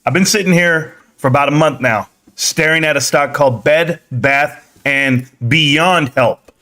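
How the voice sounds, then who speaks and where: A man with a notably high voice hosts a live stream and rants about the stock market. He talks in a sarcastic, scolding way, needling his own viewers. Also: unhurried, bright, forceful tone. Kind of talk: ranting stock market commentary.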